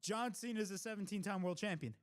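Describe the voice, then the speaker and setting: A man hosting a live wrestling reaction stream, talking casually, swearing freely and bursting into exclamations and shouts. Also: high voice, quick pace. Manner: excitable, blurts exclamations and shouts at big moments.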